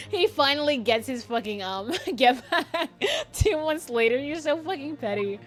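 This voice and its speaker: A woman streamer chats casually while playing, laughing and swearing freely. Her voice bounces around in pitch. Game music runs underneath. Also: lively intonation, normal speed, hardly any pauses. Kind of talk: casual gameplay chat.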